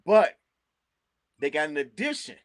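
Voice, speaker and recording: A man with a Chicago accent chatting casually as co-host, animated, repeating words and laughing often. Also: fairly high pitch, a little slow, no room sound, clean studio sound. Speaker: co-host recommending local restaurants. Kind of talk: casual chat.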